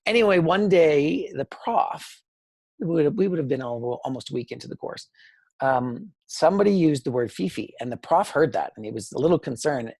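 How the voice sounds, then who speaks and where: A Canadian man, an interview guest, telling personal stories in an animated way and acting out quoted dialogue. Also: mid-range voice, no room sound, clean studio sound. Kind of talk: conversational storytelling.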